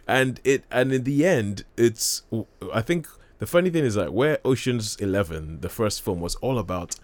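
A man's voice: mid-range voice, animated, moderate pace, dry recording. A man hosting a radio show, chatting casually about films and laughing often. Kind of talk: casual film chat.

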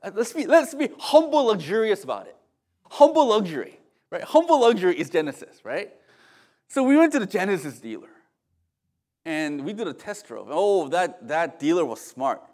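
Male pastor, sermon, high voice, very lively pitch, chatty storytelling. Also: normal speed. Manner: animated, conversational storytelling with asides.

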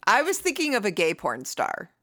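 A woman's voice: medium pitch, huge pitch swings, normal speed, fairly bright tone, no echo. A woman chiming in with short, dry remarks in a casual chat.

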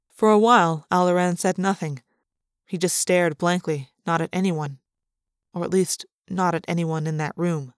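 A reader narrating a fan read-aloud of a novel in a steady storytelling manner. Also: mid-range voice, normal speed, a crowd in the background. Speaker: audiobook reader.

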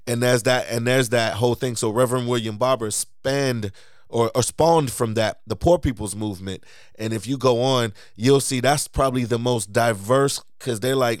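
A man's voice: mid-range voice, steady tone, normal speed, smooth, dry recording, clean studio sound. A man hosting a podcast, chatting casually, often affirming and laughing along. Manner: affirming, frequent backchannels and laughter. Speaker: podcast host. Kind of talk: casual conversation.

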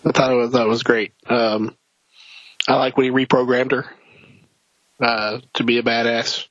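A man riffing on a film in casual podcast chat, stumbling over repeated words and jumping into mocking voices. His voice has a husky edge, and the recording sounds dull and lo-fi in a dry room. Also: medium pitch, normal speed, no echo. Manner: stammering, animated, mocking. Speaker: podcast co-host. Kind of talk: casual movie review chat.

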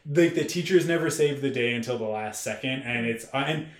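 A man co-hosting a casual podcast chat, talking in a rambling, animated way with many restarts. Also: mid-range voice, brisk. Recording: roomy, echoey room.

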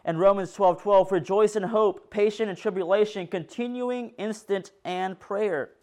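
A man delivers a sermon in a fairly high, smooth and resonant voice. He reads scripture aloud earnestly, pressing some phrases harder and letting others drop low. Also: unhurried, darkish tone. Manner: earnest preaching that reads scripture aloud, rising and falling in force. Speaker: preacher.

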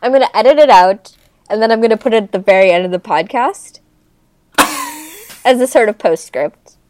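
A woman's voice: on the high side, lively intonation, normal speed, background noise. A woman co-hosting a casual movie podcast, laid-back and agreeable, often murmuring along. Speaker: podcast co-host.

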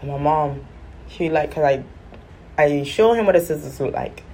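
A woman vlogger telling funny personal stories in a chatty, animated way, acting out other people's lines. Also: deep voice, moderate pace, a little hiss or hum, poor audio. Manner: animated, chatty, acts out voices. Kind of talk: casual storytelling.

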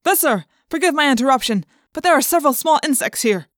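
A woman's voice: high-pitched, lively intonation, quick pace, dry recording, clean studio sound, pitched above the performer's own voice. A woman voicing a nervous male underling who reports to his commander with stiff, apologetic formality, in an audiobook reading.

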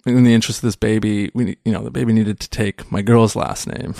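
A man's voice: fairly low pitch, a little fast, vocal fry, dry recording, studio quality. A man in his thirties, a stand-up comedian guest, chatting casually and animatedly, acting out quoted voices as he tells stories. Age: 30s. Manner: animated storyteller who acts out quoted voices. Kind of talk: casual podcast interview.

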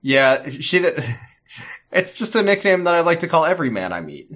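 A man's voice: fairly high pitch, big pitch swings, moderate pace, fairly bright tone. Laughing man cracking crude jokes. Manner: crude jokey asides, laughs often. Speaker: podcast cohost. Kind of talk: casual comedy recap chat.

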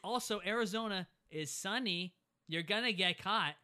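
A speaker chatting casually about a film, sarcastic, acting out scenes in quick funny voices. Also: medium pitch, bright, forceful tone, clean tone. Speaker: co-host of a movie discussion podcast. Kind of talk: casual chat.

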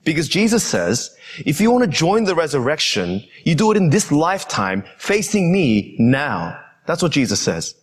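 A man's voice: on the high side, sing-song, normal speed, breathy edge. Earnest man preaching a sermon. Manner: earnest, addresses listeners as friends.

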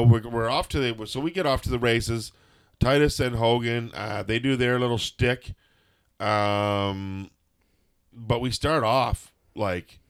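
A man, co-hosting a casual podcast. He rambles through the recap with sarcastic jokes and loose asides. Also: fairly low pitch. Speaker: podcast co-host. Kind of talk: casual wrestling recap chat.

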